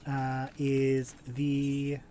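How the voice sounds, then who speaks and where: A man's voice: mid-range voice, monotone, very slow, warm tone, slight background noise. A man streaming a video game, chatting casually in a rambling, self-deprecating way with false starts.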